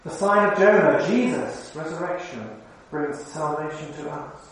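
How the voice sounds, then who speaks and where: High-voiced male preacher in echoey church. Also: animated, measured pace, slight background noise. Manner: conversational, asks the congregation questions. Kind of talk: sermon. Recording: very echoey hall, mic far off.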